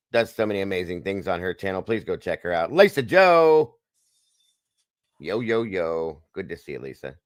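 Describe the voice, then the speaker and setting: A man with a low voice hosts a casual live stream. He greets viewers one by one and plugs their channels in a jokey, upbeat way. The sound is dry and close to the mic. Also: no room sound. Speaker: livestream host.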